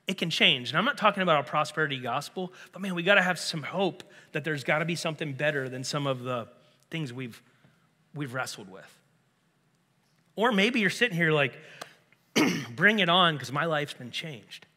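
A man preaching a sermon as pastor, earnest and emphatic, his throat a little clogged so he keeps clearing it. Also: fairly high pitch, lively intonation, normal speed, sharp tone. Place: church sanctuary. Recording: long reverb of a large hall.

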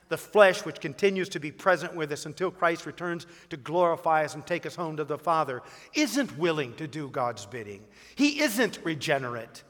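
A man's voice: on the high side, fairly bright tone. Emphatic preaching man, long reverb. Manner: emphatic preaching with rhetorical questions and storytelling. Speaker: pastor. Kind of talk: sermon.

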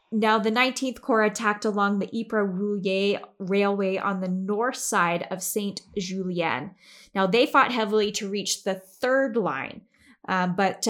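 A woman's voice: medium pitch, fairly bright tone. A woman hosting a podcast, giving a casual history recap in a chatty way with fillers and frequent giggles. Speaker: podcast host.

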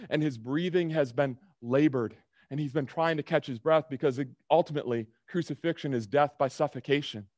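A man's voice: fairly high pitch, dry recording, clean studio sound. A man preaching a sermon in a conversational way, repeating words and checking in with his listeners. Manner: conversational, repeats words, asks the room "okay?". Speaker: pastor.

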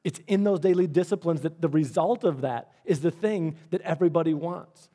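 Male pastor, middle-aged, slightly high voice, earnest conversational sermon delivery. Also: brisk, dark tone. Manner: earnest, conversational preaching with repeated phrases.

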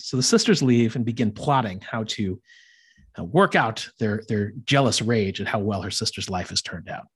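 Man, casual myth retelling, husky voice, lively pitch, chatty asides. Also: moderate pace. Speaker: podcast host.

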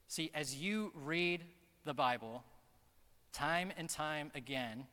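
A man preaching a sermon as pastor, earnest and emphatic, slowing down to stress key phrases. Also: a little high, bright, forceful tone. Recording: long reverb of a large hall.

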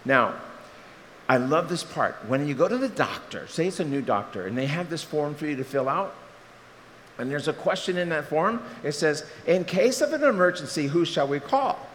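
A middle-aged man from Maryland preaching a sermon, an animated storyteller who tosses in joking asides. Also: fairly high pitch, moderate pace. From Maryland, USA. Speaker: pastor. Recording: reverberant hall, faint hiss.

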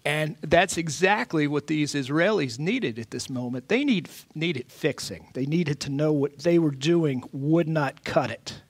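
A middle-aged man preaching a sermon as pastor, earnest and halting, often restarting his phrases. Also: on the high side, expressive, no echo.

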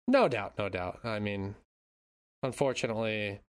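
A man's voice: lowish voice, lively intonation, normal speed, smooth. A man co-hosting a podcast in laid-back casual chat who swears freely. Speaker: podcast co-host.

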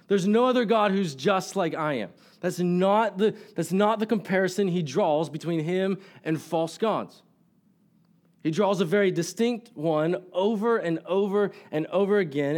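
A man preaching a sermon in earnest, often asking the congregation "right?" and slowing down to stress quoted lines. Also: a little high, darkish tone. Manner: stumbling restarts, slows to stress quotes.

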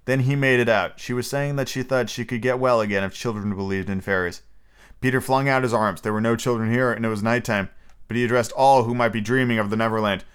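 A man's voice: medium pitch, clean tone. A man hosting a podcast, reading a novel aloud with casual asides and self-corrections. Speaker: podcast host.

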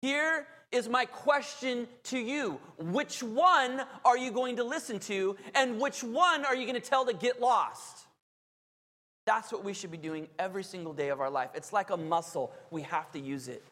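High-voiced man preaching in a reverberant hall. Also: normal speed, sharp tone. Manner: emphatic, conversational preaching with asides. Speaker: pastor. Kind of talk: sermon. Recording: long reverb of a large hall.

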